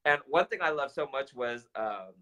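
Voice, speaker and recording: A male co-host chatting loosely and eagerly, full of fillers and self-corrections. His voice sits at an ordinary pitch but sounds bright and forceful. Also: moderate pace. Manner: animated, chatty, many fillers and restarts. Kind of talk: casual chat.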